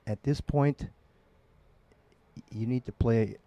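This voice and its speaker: A man's voice: mid-range voice, slow, creaky, dry recording, dull audio. A man giving casual live color commentary on a pool match, explaining the shots he would play. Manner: analytical, explains shot choices.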